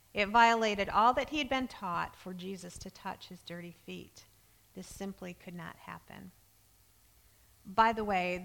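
Woman preaching with a bright voice in a reverberant hall. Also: medium pitch. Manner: earnest, reads scripture aloud with emphasis. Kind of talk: sermon.

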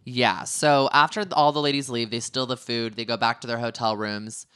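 Gossipy, animated male podcast co-host. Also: mid-range voice, moderate pace, clean tone, no room sound, clean studio sound. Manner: gossipy, animated, many fillers. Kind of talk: casual reality-TV recap chat.

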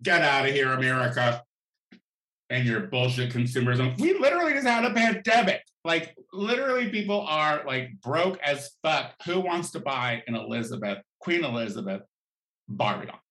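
Man, sassy campy rant, profane, animated swooping voice, roomy echo. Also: mid-range voice, normal speed. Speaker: vlogger. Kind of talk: comedic rant. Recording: echoey room.

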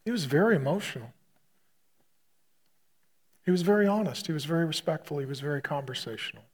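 A male pastor preaching, retelling a hospital story with loud punchy bursts that drop to a quiet hush. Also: fairly high pitch, brisk. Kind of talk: sermon storytelling.

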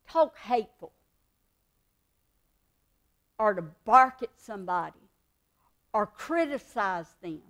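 A woman's voice: on the high side, fairly bright tone. A woman giving a devotional teaching in an earnest, conversational way, repeating key points for emphasis. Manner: emphatic repetition. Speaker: Christian speaker.

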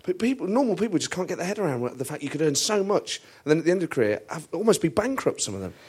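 A male host asks quick, curious questions on a live podcast. He talks fast, and his pitch swings up and down a lot. He interviews his guest on stage in a theatre studio. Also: sing-song, darkish tone, slightly rough.

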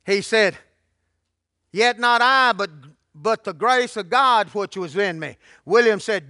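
A man's voice: high voice, slow pace, pushed and bright, no room sound, clean studio sound. An older man preaching a sermon, telling his testimony in a folksy, colloquial way. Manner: folksy storytelling with colloquial grammar.

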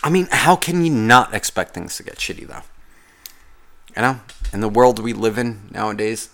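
A man's voice: on the low side, animated, moderate pace, gravelly, a bit bright. Guy ranting on his podcast, swears a ton, rambles and complains, casual talk. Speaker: podcast host.

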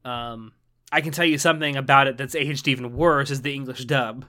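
A man chatting casually as a podcast co-host, his voice bright and forward. He rambles along, filling pauses with ums and starting sentences over. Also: mid-range voice, steady tone. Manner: rambling, lots of ums and restarts. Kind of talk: casual chat.

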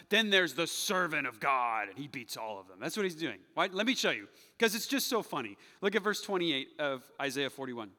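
A middle-aged pastor preaches with a high, bright voice that swings widely in pitch, playful and teasing as he acts out quotes. His words ring out with a long reverb through a big church hall. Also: big pitch swings, moderate pace. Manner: playful, mocking voices when quoting. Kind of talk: sermon.

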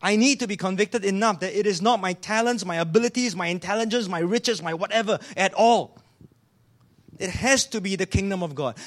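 High-voiced earnest preaching man. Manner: earnest preaching with rhetorical questions, often dropping low and soft. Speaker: pastor. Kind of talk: sermon.

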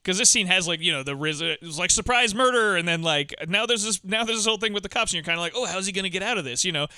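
A man's voice: sits high, lively intonation, fast, bright, forceful tone, clean tone, dry recording. A man co-hosting a casual movie podcast, opinionated and conversational. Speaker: podcast co-host.

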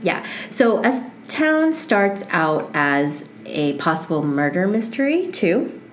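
A woman's voice: on the low side, very animated, slow, a little hiss or hum. A woman in casual podcast chat, talking loosely with many filler words. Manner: chatty, lots of "like" fillers. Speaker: podcast co-host.

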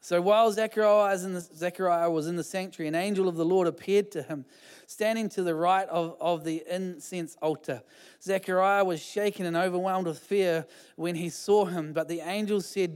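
A man's voice: high voice, fairly even intonation, fairly quick, a little mellow, clean tone. A man pastor giving a sermon in a chatty, informal way, with many fillers and restarts. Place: church hall. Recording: hall reverb.

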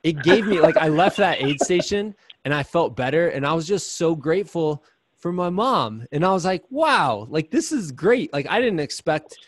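A man's voice: on the high side, expressive, moderate pace. A man talking casually as a podcast guest, telling a story in a chatty way with lots of "like" and fillers.

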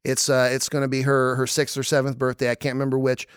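A man hosting a casual movie podcast, excitable, laughing often and stumbling over repeated words. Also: medium pitch, quick pace, clear, resonant tone, no room sound, studio quality. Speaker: podcast host.

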